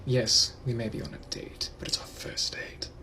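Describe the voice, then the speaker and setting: Man as a menacing 1800s British gentleman, British accent, whispered role-play: silky, possessive, softly threatening. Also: normal speed, poor audio. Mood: whispered threats. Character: menacing genteel 1800s British gentleman, male, sometimes vampire.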